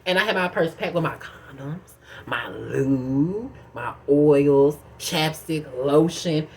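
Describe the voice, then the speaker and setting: A young woman vlogger telling a personal story to camera in a casual, chatty way, keeps calling the viewer girl and y'all, with dramatic swings of pitch and loudness. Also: slow pace, slight background noise.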